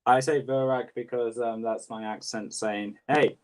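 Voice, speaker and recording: A young man chatting casually as a co-host ranking books, halting and full of fillers. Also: medium pitch, fairly even intonation, a little mellow. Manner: quick, halting, many fillers. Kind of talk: casual livestream chat.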